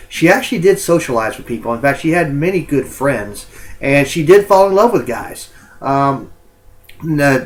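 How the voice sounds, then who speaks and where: Male college instructor, mid-pitched, loose recorded lecture, frequent ums and uhs, stops to correct himself. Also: low-quality recording.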